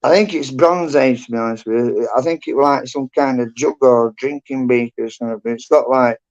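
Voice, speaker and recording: Bloke rambling on a livestream, swears a lot, dull lo-fi audio. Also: male voice, medium pitch, a little fast, darkish tone. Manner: rambling, sweary, lots of "and that" and "you know". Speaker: livestream host. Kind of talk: casual chat.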